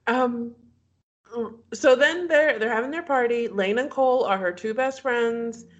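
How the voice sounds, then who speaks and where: A woman's voice: a little high, a little slow, lo-fi sound. A woman co-hosting a podcast, recapping a reality show in casual chat and laughing often as she acts out quotes.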